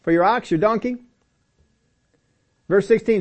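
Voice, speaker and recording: A man's voice: a little high, moderate pace, pauses often, a little mellow. Emphatic man teaching scripture. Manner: emphatic, repeats phrases for stress; talks directly to listeners, sometimes by name. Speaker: Bible teacher. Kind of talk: Bible teaching sermon.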